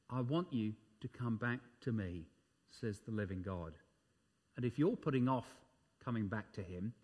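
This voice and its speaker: A man preaching a sermon, emphatic, swinging his voice up and dropping it low for effect, with frequent ums and uhs. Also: breathy edge.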